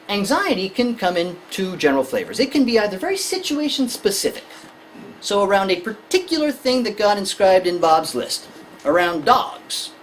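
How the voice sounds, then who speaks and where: A medium-pitched woman's voice comes through a rough recording with a little hiss or hum. She gives parents a conversational lecture on anxiety in children, explaining through everyday examples and acted-out scenes.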